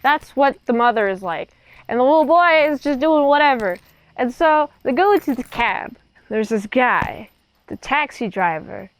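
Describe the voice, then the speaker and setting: High-voiced, chatty woman reviewing a movie. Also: expressive, moderate pace, no echo, rough recording. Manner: chatty, joking, rambling asides. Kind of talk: casual film recap.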